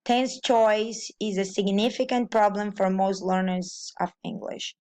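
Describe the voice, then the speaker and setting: A woman with a Brazilian Portuguese accent teaches pronunciation and grammar at an unhurried pace. Her speech halts often, with restarts and fillers. Her voice sits at an ordinary middle pitch. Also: a little mellow. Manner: halting, with frequent restarts and fillers. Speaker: language teacher.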